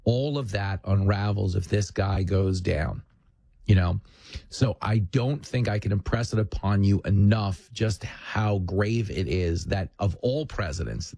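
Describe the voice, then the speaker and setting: A man's voice: fairly low pitch, creaky, dark tone, dry recording. A male host delivering a punchy, combative political commentary monologue with jokes, on a studio mic.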